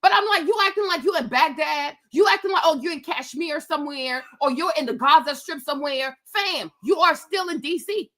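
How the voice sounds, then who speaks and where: A woman's voice: sits high, brisk, hardly any pauses, bright, forceful tone. A woman vlogger ranting in casual talk, exasperated and emphatic, repeating her points. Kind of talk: casual rant to camera.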